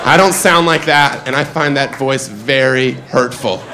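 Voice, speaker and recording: Male comic doing stand-up, deadpan and chuckling, handheld mic, noisy live club tape. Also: medium pitch, a little slow. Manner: deadpan, self-amused, often laughing. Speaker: stand-up comedian. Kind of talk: stand-up comedy set. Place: comedy club stage. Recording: live club recording with background noise.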